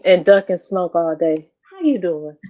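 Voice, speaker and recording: A woman's voice: fairly low pitch, animated, normal speed. Sassy woman caller, dull call-in audio. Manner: joking, sassy, laughs a lot. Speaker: guest caller. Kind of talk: casual livestream chat.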